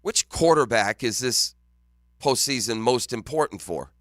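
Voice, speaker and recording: Bright, playful sports radio man. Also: medium pitch, lively intonation, measured pace, dry recording, studio quality. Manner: playful, laughing often, teasing. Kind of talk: casual morning radio banter. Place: radio studio. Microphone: studio microphone.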